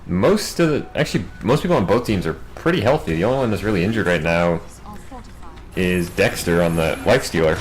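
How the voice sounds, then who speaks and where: A man doing solo play-by-play game commentary, racing through big fights and dropping wry asides in quiet moments. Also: sits low, low-quality recording. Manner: quick, excitable calls in big plays, wry asides in lulls. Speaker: match commentator.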